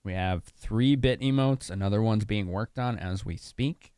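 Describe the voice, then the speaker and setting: A man's voice: fairly low pitch, unhurried, a little mellow, clean tone, no echo, clean studio sound. A young man from Chicago streaming a game, chatting casually with viewers and laughing often. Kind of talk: casual live-stream commentary.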